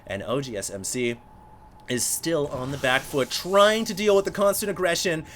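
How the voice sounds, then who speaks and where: A man casting a video game replay on his own, energetic play-by-play with excited bursts at big plays and chatty asides to his viewers. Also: fairly high pitch, moderate pace, slight background noise. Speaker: esports caster.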